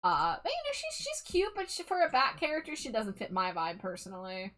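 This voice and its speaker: A woman's voice: on the high side, wildly swooping pitch, a little fast, a bit bright. Chatty woman streamer reviewing dolls. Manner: chatty, opinionated, talks it through with fillers. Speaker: streamer host. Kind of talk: casual stream commentary.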